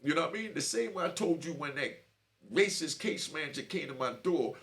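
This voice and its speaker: A man's voice: on the high side, lively intonation, a little fast, vocal fry, a bit bright. A middle-aged man telling his own story to camera in a streetwise way, often asking "you know what I mean". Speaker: host.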